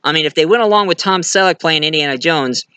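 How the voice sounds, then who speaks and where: Male movie reviewer, chatty and rambling, bright voice, dry close sound. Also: on the high side, fast, smooth, no room sound. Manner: rambling, chatty, many restarts, laughs at own jokes. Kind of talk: casual film review monologue.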